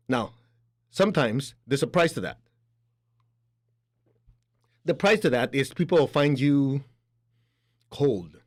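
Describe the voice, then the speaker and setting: A man giving a spiritual lecture, animated and laughing between points, acting out other people's voices as he talks. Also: fairly high pitch, moderate pace, pauses often. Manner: animated, acts out quoted voices. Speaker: spiritual teacher. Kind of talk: spoken lecture.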